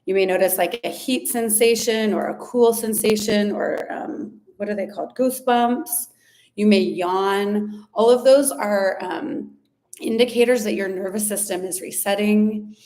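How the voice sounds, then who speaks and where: A woman guides listeners through an ear massage and slow breathing. She talks gently and without hurry, step by step. Now and then she stops to search for a word. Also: mid-range voice. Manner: gentle and unhurried, with fillers and restarts. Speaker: somatic practice instructor. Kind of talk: guided body practice instruction.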